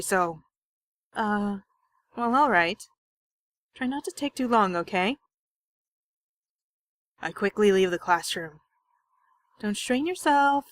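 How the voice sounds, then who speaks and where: A woman's voice: lowish voice, a bit bright. A young woman reading a visual novel aloud as a game streamer, with dramatic, jokey and panicky reactions.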